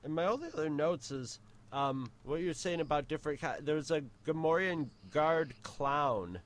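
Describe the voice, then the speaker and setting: A man's voice: fairly high pitch, animated, moderate pace. A man co-hosting a podcast in casual chat, rambling and joking with playful asides. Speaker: podcast co-host.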